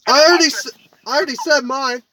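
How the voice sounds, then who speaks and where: A man co-hosting a casual sports podcast, blunt and quick to argue. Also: extremely high pitch, pushed and bright. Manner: blunt, argumentative. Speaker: podcast co-host.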